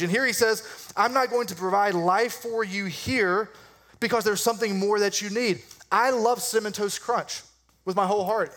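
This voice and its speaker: A middle-aged man preaching a sermon in a conversational, humorous way, slowing down to stress key lines. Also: high-pitched, fairly bright tone. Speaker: pastor.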